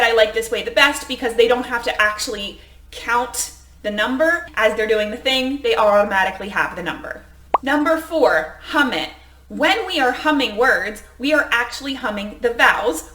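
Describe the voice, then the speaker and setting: An enthusiastic woman teacher walks through a phonics lesson in a clear, explanatory way. Her voice sits a little high and rings bright. The room around her sounds echoey.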